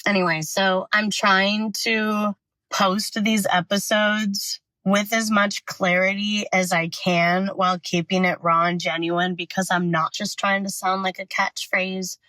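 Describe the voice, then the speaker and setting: A woman podcast host telling a story in a casual monologue from her car, talking fast and out of breath, with frequent swearing. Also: medium pitch, level tone, bright, forceful tone, dry recording, low-quality recording. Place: parked car.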